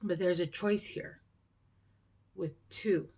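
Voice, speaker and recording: A woman's voice: fairly low pitch, fairly even intonation, slow, gravelly, darkish tone, husky. A woman giving a casual, rambling tarot reading, chatty and full of fillers. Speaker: tarot reader.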